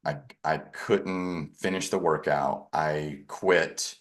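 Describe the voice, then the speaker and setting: A man's voice: very deep voice, steady tone, takes it slowly. A man guesting on a podcast, candidly telling a personal story with a self-deprecating streak.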